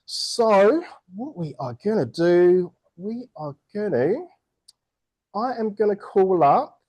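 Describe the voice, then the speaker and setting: A person hosting a virtual book launch over a video call, energetic and playful, joking with the audience. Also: medium pitch, slow, rough recording. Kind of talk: upbeat event hosting.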